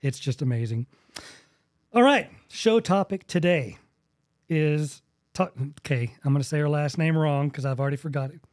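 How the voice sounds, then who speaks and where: This young man from West Texas speaks with a drawl, his voice on the high side with a darkish tone. He hosts a casual podcast chat, joking, rambling, and quick to laugh. The sound is clean studio quality with no echo.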